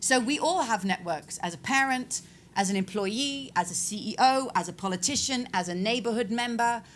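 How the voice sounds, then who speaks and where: A woman's voice: a little high, normal speed, a little hiss or hum. Emphatic woman in her forties. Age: 40s. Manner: emphatic, rhetorical, acts out quoted voices. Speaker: author and debate guest. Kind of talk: public debate answers.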